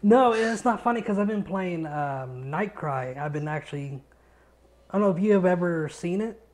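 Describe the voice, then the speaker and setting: A man co-hosting a podcast from his home studio, telling stories in a casual, excitable way and swearing often. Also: high voice, normal speed. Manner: excitable storyteller, swears a lot. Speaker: podcast co-host.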